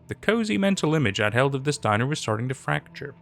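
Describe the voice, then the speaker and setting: Guy narrating a creepy story, gravelly voice, soft music behind. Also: medium pitch, sing-song. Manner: measured, first-person storytelling. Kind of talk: scripted horror story narration. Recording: narration over faint music.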